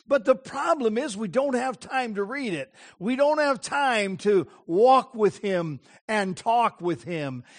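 A male preacher delivers an impassioned sermon in an extremely high-pitched voice, using emphatic phrasing and dramatic pauses.

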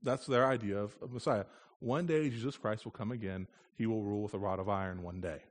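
A man's voice: fairly low pitch, a little fast, slight background noise. A man from the United States, a missionary preaching in a church, speaking in an earnest, plain-spoken way with touches of light humor. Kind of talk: conversational sermon.

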